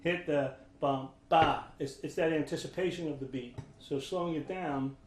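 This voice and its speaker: A man giving a guitar lesson in a casual instructional way, relaxed and thinking aloud with restarts. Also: on the high side, normal speed. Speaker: guitar teacher. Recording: roomy sound with loud guitar. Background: guitar playing.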